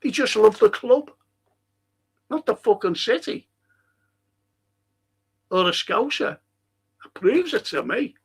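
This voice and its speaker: A Liverpool man with a gravelly edge and a fairly high voice rambles through stories and viewer comments. He swears freely, laughs at his own tales, and talks in a loose, casual stream-host way. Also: very animated, slow pace, pauses often. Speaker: host of a fan live stream.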